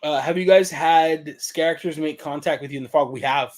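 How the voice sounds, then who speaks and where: A man's voice: on the high side, brisk. A man co-hosting a casual live-stream chat, laid-back and slangy. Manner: laid-back, says "dude" and "dope". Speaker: podcast co-host.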